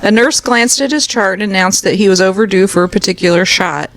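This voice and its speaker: A woman's voice: medium pitch, a little fast, a bit bright, rough recording. A woman co-hosting a podcast, reading funny listener stories aloud and often laughing. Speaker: podcast co-host.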